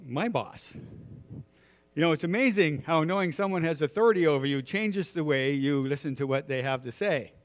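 A man's voice: on the high side, in a large hall. A middle-aged man, preaching a sermon in a folksy storytelling way with many filler words.

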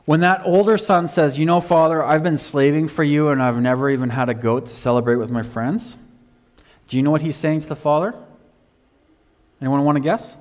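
A man preaching a sermon, telling a Bible story with animated emphasis, swinging from loud to quiet. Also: fairly quick, long reverb tail. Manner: animated storytelling, rising loud for emphasis then dropping low.

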